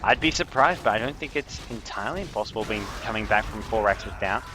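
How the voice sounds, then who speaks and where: A young man casting a video game match on his own, with a slight French accent, explaining strategy calmly and getting excited on big plays. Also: fairly low pitch, fast, over music. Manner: analytical, rising to excited bursts on big plays. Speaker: esports caster. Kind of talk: solo game commentary.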